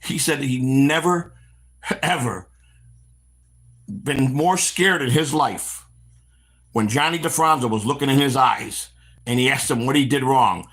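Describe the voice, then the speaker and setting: Out on a walk, a middle-aged stream host from around Chicago tells long, meandering tales from his past, animatedly voicing the people in them and frequently restarting. His husky, medium-pitched voice keeps a measured pace with long pauses.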